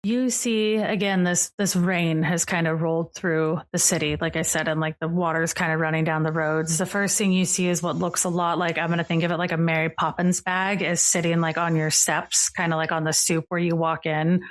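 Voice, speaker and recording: A woman's voice: lowish voice, level tone, moderate pace, hardly any pauses. A woman narrating a tabletop game as game master, describing scenes casually with lots of "like" fillers.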